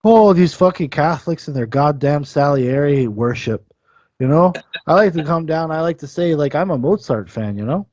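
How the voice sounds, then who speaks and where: A man's voice: a little high, lively intonation, moderate pace, a little mellow, no echo, muffled recording. A man hosting a podcast, talking in a rambling, profane, enthusiastic way about a film. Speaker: podcast host. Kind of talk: casual film-review chat.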